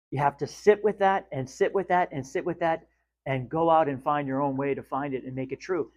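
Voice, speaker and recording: A man's voice: on the high side, highs cut off. A man giving a spiritual teaching talk in an emphatic way, repeating key phrases and asking the listener questions.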